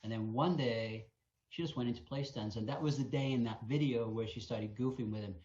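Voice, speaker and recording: A man at mid pitch recounts a story in a Q&A, animated and acting out the noises as he goes. His voice carries an echoey ring and a slightly muffled, dull tone. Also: fairly quick. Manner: animated storyteller, acts out sounds. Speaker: wolf sanctuary co-founder. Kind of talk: storytelling in a live Q&A.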